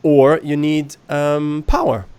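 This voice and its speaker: A man's voice: fairly high pitch, level tone, takes it slowly, darkish tone, clear, resonant tone, no room sound. A man, a tour manager, explaining things at length in casual chat and swearing casually over a video call.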